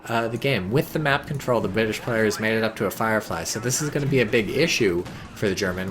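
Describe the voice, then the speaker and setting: A man casting a strategy game match in casual commentary, excitable, sarcastic and swearing freely. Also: on the low side, fast talker, slight background noise. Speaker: game caster.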